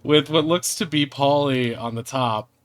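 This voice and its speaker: A man's voice: medium pitch, measured pace. A man narrating as game master of a tabletop game, chatty and laughing as he goes, with music behind him.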